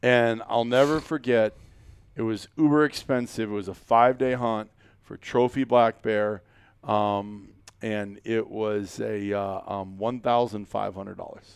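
A middle-aged man hosts a podcast in a loose, rambling way, joking and restarting his sentences often. His voice is smooth and resonant. It is recorded dry and close, with no room sound. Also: on the low side, steady tone, measured pace, no echo. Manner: rambling, jokey, many fillers and restarts. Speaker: podcast host. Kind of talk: casual chat.

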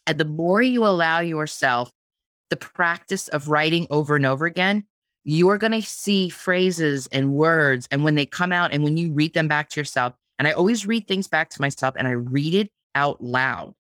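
A woman's voice: deep voice, moderate pace, fairly bright tone, dry recording, clean studio sound. A woman guest on a podcast interview, talking casually about her craft, with frequent restarts and repeated words. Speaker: guest, blogging teacher.

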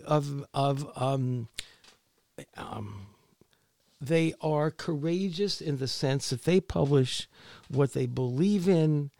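A man, an author being interviewed, telling his story in a halting way with many repeated words. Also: mid-range voice, vocal fry, warm tone, no room sound, clean studio sound. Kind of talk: conversational interview.

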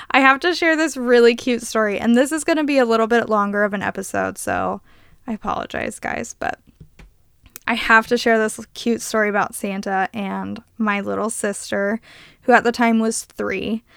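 A woman's voice: fairly high pitch, fairly even intonation, normal speed, vocal fry, a bit bright, clear, resonant tone, dry recording, studio quality. A woman in her twenties co-hosting a podcast, telling stories in casual chat with lots of "like" fillers. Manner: chatty storyteller, many "like" fillers. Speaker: podcast co-host.

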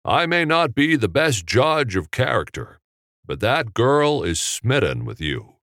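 A man's voice: medium pitch, very animated, a little slow, a bit bright, dry recording, clean studio sound, pitched above the performer's own voice. A man playing a good-humored veteran male film star who speaks with a folksy drawl. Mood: teasing.

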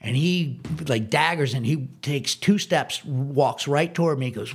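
A man, a drummer, telling a long story in casual conversation, rambling and animated, with lots of swearing. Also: on the high side, normal speed, husky.

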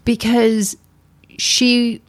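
A woman's voice: on the high side, completely flat delivery, extremely slow, no room sound. A woman co-hosting a podcast, chatting casually and with playful insistence as she reviews a series. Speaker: podcast co-host.

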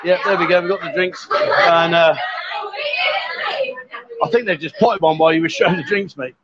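A man's voice: a little high, fairly even intonation, normal speed, raised voice, dull audio, heavy background noise. A man hosting a casual live stream from a bar, cheerfully coaching women at a pool table and calling them sweetheart and darling. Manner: cheery, coaxing, says "sweetheart" and "darling" a lot. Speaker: host.

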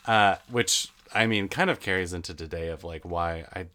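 A man chatting casually, telling stories from his old jobs in a lively way, swearing now and then. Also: deep voice, moderate pace. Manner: animated storytelling, swears, acts out customers. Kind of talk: casual chat.

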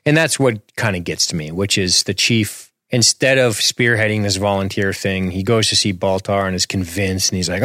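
Low-voiced man in casual podcast chat. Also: normal speed, hardly any pauses, pushed and bright, dry recording, studio quality. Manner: candid, quotes dialogue, swears casually. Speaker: podcast co-host. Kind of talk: casual TV episode discussion.

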